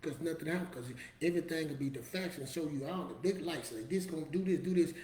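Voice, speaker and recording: A man's voice: a little high, fast, dark tone, slight background noise. Emphatic, preachy man in an echoey room. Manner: preachy, emphatic, street-casual storytelling. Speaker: motivational vlogger. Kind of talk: motivational talk to camera.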